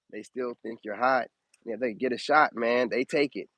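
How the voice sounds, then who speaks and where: A man's voice: moderate pace, no room sound, low-quality recording. Man preaching on his stream, voice jumps way up when he stresses stuff, dry close mic. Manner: animated, preachy, swoops up high for emphasis. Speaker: spiritual advice streamer. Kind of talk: casual live-stream monologue.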